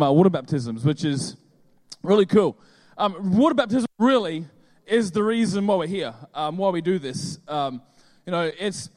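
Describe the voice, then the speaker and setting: A man preaches in a loose, joking way, filling his pauses with ums and uhs. His voice sits high for a man. It rings out with a long reverb through a large hall. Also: a little mellow. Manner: chatty, joking, many fillers. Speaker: pastor. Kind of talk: casual sermon. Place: church hall with audience.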